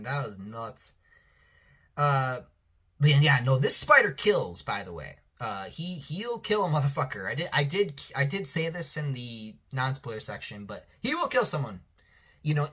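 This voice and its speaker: A male reviewer chats loosely about a show, swearing freely and circling back with restarts and fillers. His voice is bright and edgy. His pitch rises and falls in lively swings. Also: husky. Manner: rambling, profane, lots of restarts and fillers. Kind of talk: casual review chat.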